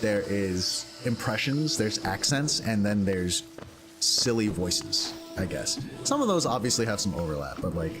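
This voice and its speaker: A man with a fairly low voice and big pitch swings streams a game over background game music, speaking unhurriedly. His casual commentary rambles, heavy with fillers, as he thinks aloud.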